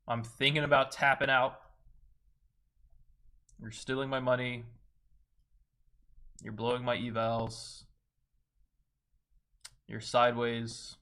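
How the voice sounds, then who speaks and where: A man's voice: mid-range voice, little pitch movement, slow pace, pauses often, bright, forceful tone, smooth. A young man chatting casually on a trading livestream, swearing freely and talking to his chat. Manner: swearing, laid-back, talks to chat.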